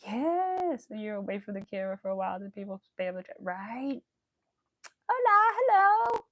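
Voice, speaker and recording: A woman's voice: mid-range voice, lively intonation, brisk, warm tone, dry recording. A young adult woman hosting a crochet livestream, chatting casually and rambling with lots of filler words. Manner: laughs often and greets viewers. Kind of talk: casual chat while crafting.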